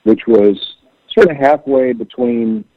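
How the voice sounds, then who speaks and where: A middle-aged man, a musician, telling stories in an animated way over a phone call and acting out the voices he quotes. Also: mid-range voice, slow, no room sound. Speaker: musician guest. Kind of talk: storytelling interview over the phone. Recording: tinny phone line, dry.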